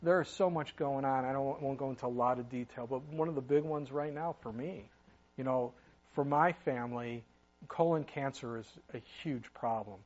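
A man's voice: medium pitch, normal speed, lo-fi sound. A middle-aged man preaching a sermon in a conversational way, with asides and sudden emphatic rises. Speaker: pastor.

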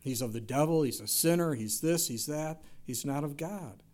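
A middle-aged man preaching a sermon, telling stories in an animated way and jumping his voice up for quoted lines. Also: a little high, normal speed. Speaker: pastor.

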